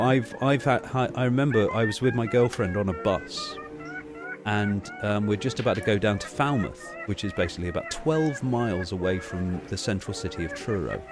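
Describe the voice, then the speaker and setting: A man rants and swears his way through a casual podcast chat. His voice sits low. Music plays clearly in the background. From Cornwall, England. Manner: heated, sweary, ranting. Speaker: podcast host.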